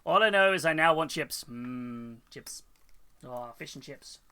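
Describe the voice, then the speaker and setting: A man's voice: a little high, lively intonation, unhurried, pushed and bright, clean tone. A British man chatting casually on a live stream while painting miniatures, rambling and laughing often. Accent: British English. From United Kingdom.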